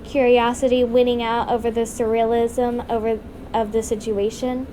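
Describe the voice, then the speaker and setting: A woman reading her own storybook aloud in an earnest, steady way. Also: fairly high pitch, normal speed, a little hiss or hum.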